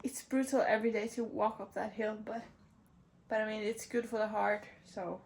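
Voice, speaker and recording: A woman in her twenties vlogging in a relaxed, chatty way, talking while she walks and moves around outside. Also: mid-range voice, normal speed, creaky, poor audio. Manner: chatty, relaxed, talks while walking and moving. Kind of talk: casual vlog narration. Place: outdoors in the sun. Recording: outdoor noise behind.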